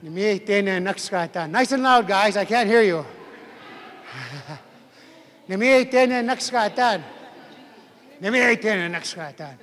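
Slow, high-pitched and fairly bright, a male language teacher speaks with few pauses as he runs a group drill of a greeting. He chuckles a lot and keeps encouraging everyone to say it louder, all in a room with long, hall-like reverb.

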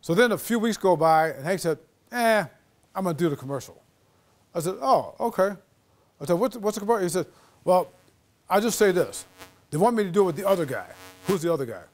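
Middle-aged guy guest lecturing, lively storyteller voice, bit high, swoops all over doing the other people's lines. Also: quick pace. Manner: animated storyteller acting out quoted dialogue. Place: lecture hall.

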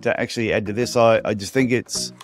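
Chatty man with a low voice. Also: a little fast, soft background music. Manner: animated storyteller, blunt and chatty. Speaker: podcast co-host, podiatry business coach. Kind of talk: casual podcast chat.

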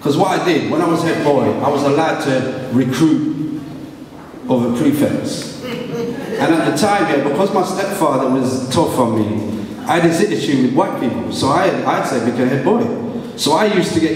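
Middle-aged man, higher voice, animated storyteller, distant mic, big echoey hall. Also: normal speed, slight background noise. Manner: animated, humorous, acts out voices. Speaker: guest speaker. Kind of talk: storytelling talk to a live audience. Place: large hall at a live event.

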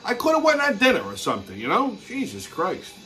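A man's voice: high voice, wildly swooping pitch, fairly quick, sharp tone, faint music behind. A man hosting his own show, ranting crudely and swearing nonstop in an exasperated comedic way. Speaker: podcast host. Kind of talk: profane comedic rant.

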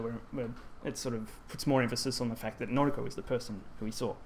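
This conference presenter on Japanese grammar talks fast with a steady, darkish mid-range voice, and there's slight background noise in the presentation hall. He explains each step in turn, frequently pausing on um and restarting sentences.

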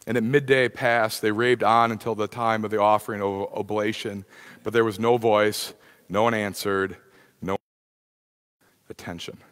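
A man's voice: medium pitch, a bit bright. Man preaching in a reverberant church. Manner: conversational preaching, frequent fillers and restarts. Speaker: pastor. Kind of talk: sermon. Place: church sanctuary.

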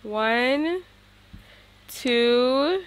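A woman giving chatty, excitable commentary to her viewers as she plays a life-sim game, a gaming YouTuber talking casually to her audience. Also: high voice, extremely slow.

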